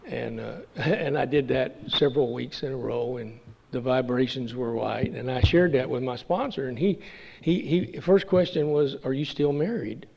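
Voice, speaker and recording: Gravelly man telling his story in a meeting hall. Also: medium pitch, a little mellow. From Texas, USA. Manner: halting, folksy storytelling. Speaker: speaker at a recovery meeting. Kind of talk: personal testimony at a meeting. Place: meeting room. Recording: dull lo-fi recording with long hall reverb.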